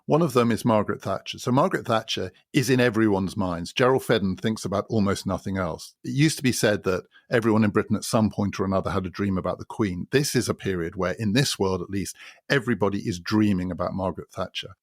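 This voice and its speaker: A man hosting a podcast who explains a novel in a measured, storytelling way. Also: on the low side, dry recording, clean studio sound. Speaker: podcast host.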